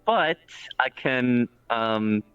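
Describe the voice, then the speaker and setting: A man's voice: mid-range voice, lively intonation, extremely slow, clean tone, no room sound. A man hosting an interview show, chatting casually and joking with his guest. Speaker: host. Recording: dull lo-fi mic with faint music.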